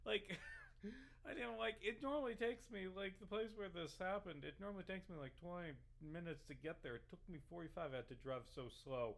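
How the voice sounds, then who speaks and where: A man's voice: sits high, a little fast, gravelly. A man ranting casually and sarcastically, swearing often, while talking over a video game he plays. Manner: profane, sarcastic, rambling. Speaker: vlogger and local reporter.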